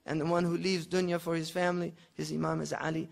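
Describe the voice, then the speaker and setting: A man's voice: a little high, level tone, quick pace, gravelly. A man teaching logic as an Islamic scholar, explaining a classical text in a conversational classroom lecture and mixing Arabic terms into his explanations.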